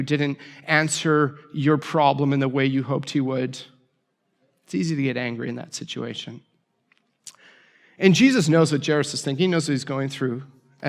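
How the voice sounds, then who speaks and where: Animated man preaching in a reverberant hall. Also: a little high. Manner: animated storytelling, acts out the people in the story. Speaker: pastor. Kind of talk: sermon.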